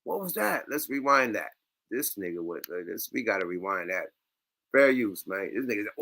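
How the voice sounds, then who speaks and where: A man's voice: fairly low pitch, normal speed, vocal fry. A man hosting a reaction show, talking in loose, profane casual commentary with street slang. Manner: animated, laughs loudly, loose street slang. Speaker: show host reacting to clips.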